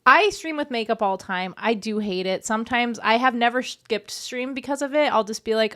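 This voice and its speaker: A young woman with a fairly high voice, chatting as a podcast co-host. She talks loosely and candidly, swears freely and laughs often. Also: brisk, hardly any pauses, pushed and bright. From Seattle area. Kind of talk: casual chat.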